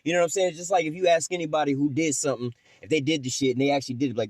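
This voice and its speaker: A man's voice: a little high, steady tone, very fast, hardly any pauses, darkish tone, no room sound. A man doing profane, preachy commentary over a video, swearing constantly and asking "all right?".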